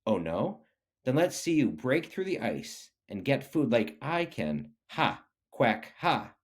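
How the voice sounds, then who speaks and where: A man's voice: medium pitch, sing-song, slow. A man voicing a mocking male duck in a storybook reading, jeering and taunting.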